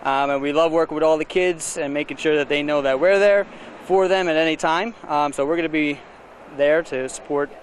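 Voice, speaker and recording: A man's voice: fairly high pitch, fairly quick, slight background noise. A man representing a sports complex, giving brief, businesslike answers in an outdoor interview. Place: outdoors in a town street.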